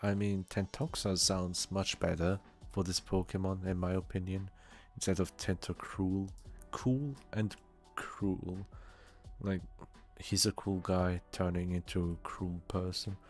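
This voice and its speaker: A man with a Swiss German accent, talking slowly in a soft-spoken ASMR chat and stumbling over foreign names. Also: low voice, completely flat delivery, soft background music. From Switzerland. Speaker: streamer.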